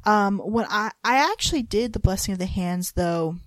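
A woman's voice: medium pitch, expressive, normal speed, dry recording. Rambling, giggly woman chatting on a podcast. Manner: rambling, lots of fillers and laughs. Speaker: podcast co-host; hospital chaplain resident. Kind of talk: casual chat.

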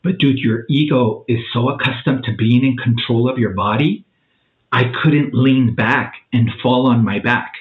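A man's voice: mid-range voice, unhurried. Storytelling man on a tinny line. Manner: animated storyteller, acts out quotes, says "man" and "dude" a lot. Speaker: podcast guest. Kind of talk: casual storytelling.

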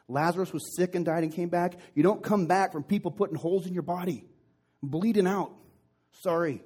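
A male pastor delivering a sermon, retelling a story with impassioned emphasis that drops to hushed, intimate passages. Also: high voice, fairly quick, husky.

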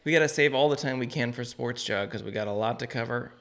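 A man's voice: mid-range voice, fast, a bit bright. A man hosting a casual podcast, upbeat and steering the talk between segments. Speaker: podcast host. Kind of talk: casual chat.

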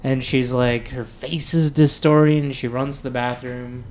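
A man's voice: mid-range voice, steady tone, normal speed. A man co-hosting a casual movie review chat, adding dry, joking asides. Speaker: podcast co-host.

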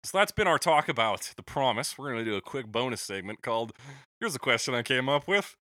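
A man's voice: medium pitch, sing-song, brisk, pushed and bright, no room sound, clean studio sound. A man with a Canadian accent co-hosting a podcast in loose, joking chat with his co-host. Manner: loose, swearing, laughing banter.

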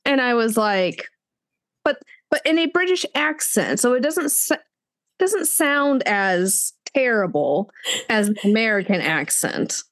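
Chatty woman co-host, high lively voice, rambling book talk. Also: measured pace. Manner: chatty, animated, restarts and fillers. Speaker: podcast co-host. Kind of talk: casual book chat.

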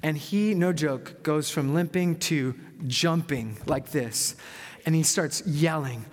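A man preaching a sermon as pastor, telling stories in a lively, conversational way. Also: on the high side, slow. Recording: long hall reverb.

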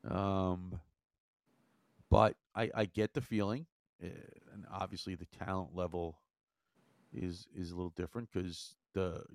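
Man, hockey co-host, low smooth voice, slow measured delivery, dry close sound. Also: level tone, no echo. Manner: measured, dry, counts things out slowly. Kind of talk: casual hockey chat.

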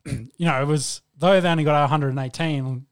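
Easygoing co-host. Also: male voice, on the high side, steady tone, normal speed, smooth. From Australia. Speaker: podcast co-host. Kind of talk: casual sports chat.

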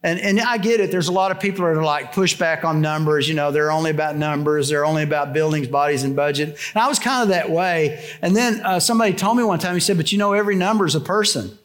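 An older man preaching a sermon, telling a story conversationally with restarts, dropping low and soft for quoted lines. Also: fast talker, hardly any pauses. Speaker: pastor.

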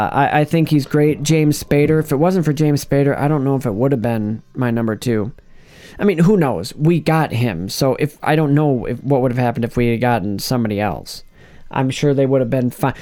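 A man's voice: medium pitch, warm tone. A man hosting a casual chat, rambling and restarting his sentences, laughing often. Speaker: podcast host. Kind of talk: casual chat, ranking movie villains.

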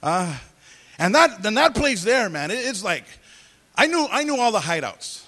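A high-pitched preacher from California gives his testimony from the pulpit at a normal speed. Animated, he acts out the people he quotes and swings between loud, pushing bursts and quieter, confiding asides.

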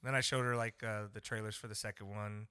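A man's voice: lowish voice, level tone, fast talker, bright, forceful tone, smooth, no echo. A man co-hosting a podcast, teasing his friends in a dry way in casual chat. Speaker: podcast co-host.

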